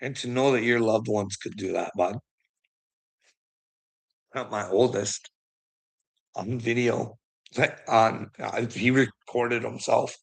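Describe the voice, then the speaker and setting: A man's voice: mid-range voice, fairly even intonation, slow, vocal fry, pauses often, slightly rough. A middle-aged man in a swearing, ranting monologue who taunts his listener as "bud" and keeps breaking into laughter. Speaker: vlogger.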